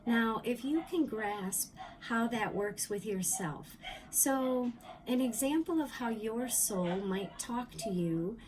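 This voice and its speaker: A middle-aged woman giving a calm spiritual teaching talk, explaining slowly with repeats and the odd um. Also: fairly high pitch, background noise. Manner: calm, repetitive explaining with ums.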